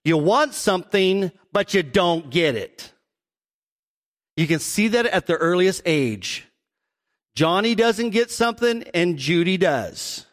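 Pastor for a sermon: a man, high voice, animated delivery with acted-out asides, long hall reverb. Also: slow. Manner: animated, acts out quoted voices, asks the congregation questions.

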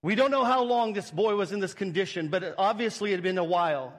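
A pastor with a high, light voice and a fast way of talking delivers a sermon explaining a scripture passage to his congregation. He leans on rhetorical questions and acts out little scenes, his words ringing with long reverb as in a large hall.

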